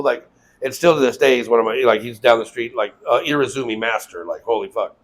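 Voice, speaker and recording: A man's voice: mid-range voice, quick pace, low-quality recording. A man who owns a tattoo shop, telling loose, profane stories in a casual interview and acting out what people said to him. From Las Vegas. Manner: loose, profane storytelling with acted-out quotes. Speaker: tattoo shop owner, guest.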